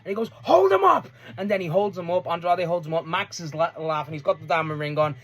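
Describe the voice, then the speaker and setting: This wrestling fan reviewer has a notably high-pitched voice and recaps a match in loose, casual talk at a quick pace with a steady tone. He rambles from one moment to the next, restarts often, laughs readily and swears freely.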